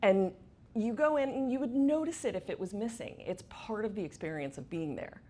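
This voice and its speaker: A woman's voice: medium pitch, lively intonation, normal speed, dark tone. A middle-aged woman giving a conference talk, chatty, asking the audience questions. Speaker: conference speaker. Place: event space with audience.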